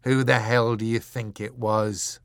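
Give me a fastidious, menacing villain, put on by a male narrator, who drawls slowly and then explodes into loud theatrical outbursts. The voice is deep and dry, recorded close with no room sound. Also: sing-song, no echo, exaggerated voice. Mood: irritated. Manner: slow, swelling into loud theatrical bursts.

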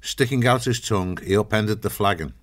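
A man narrating a fantasy audiobook in a measured, dramatic storytelling manner. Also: fairly low pitch. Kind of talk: scripted narration.

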